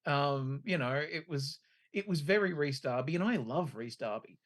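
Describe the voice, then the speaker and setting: Co-host, animated pitch, rambling, casual swearing. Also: normal speed. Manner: rambling, swears, loses track. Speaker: podcast co-host. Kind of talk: casual chat.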